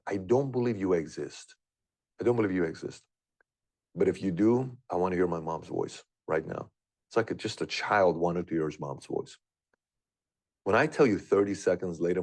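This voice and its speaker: In a dry recording, a thirtysomething man with a low voice is a guest relating a personal story. He sounds earnest and doubtful, asking many questions and rambling.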